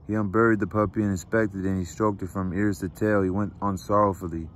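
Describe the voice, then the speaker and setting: A man reading a novel aloud in steady, unhurried narration. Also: low-pitched, a little hiss or hum. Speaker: reader. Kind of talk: book read aloud.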